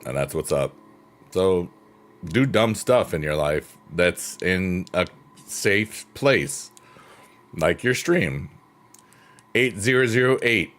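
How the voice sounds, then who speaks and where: Deep-voiced man chatting over piano. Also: animated, slow. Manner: rambling, upbeat, playful swearing. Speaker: streamer. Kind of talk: casual chat over piano. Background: piano music.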